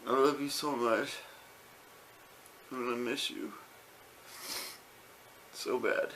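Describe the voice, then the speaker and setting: Man, casual home video, rambling, mid pitch. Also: fairly even intonation, slow pace, a bit bright, slight background noise. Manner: rambling, with fillers and repeats. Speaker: vlogger.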